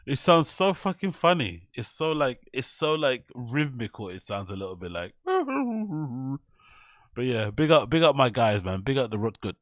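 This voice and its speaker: A man's voice: mid-range voice, sing-song, a little slow, no echo, studio quality. A man hosting a live stream in casual, slangy, rambling talk full of swearing. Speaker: streamer host.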